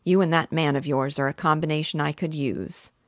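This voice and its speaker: A woman reading the part of a smooth, persuasive, scheming cattle rancher from a novel read aloud. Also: low-pitched, steady tone, fairly quick, no echo, clean studio sound, close to an everyday voice.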